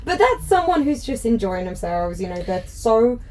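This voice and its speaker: Mulher risonha num podcast. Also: female voice, on the high side, very animated, normal speed, a little mellow, poor audio. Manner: giggly, cackling laugh. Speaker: podcast co-host. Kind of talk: casual chat. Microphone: close podcast mic.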